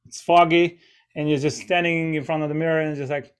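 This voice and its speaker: A man's voice: a little high, little pitch movement, a little fast, clean tone. A man hosting a live improv comedy show, rambling and chatty as he keeps interrupting himself. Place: small theater stage.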